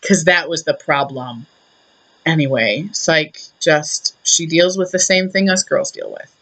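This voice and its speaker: A woman's voice: low voice, a little slow, a bit bright. A young woman retelling a myth in a chatty, irreverent way, with many fillers. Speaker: storyteller.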